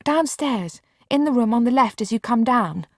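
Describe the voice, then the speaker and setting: A woman's voice: fairly high pitch, animated, normal speed, a little mellow, dry recording, studio quality, voice pushed up. A woman reading an audiobook, voicing an eager, impulsive young girl in a pleading, breathless way.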